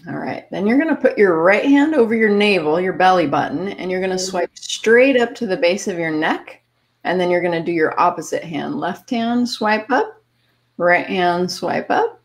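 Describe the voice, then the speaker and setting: A woman hosting a podcast, calmly guiding listeners step by step through a visualization exercise. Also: fairly low pitch, normal speed. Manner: calm, step-by-step coaching with light laughs. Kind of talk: guided visualization instructions.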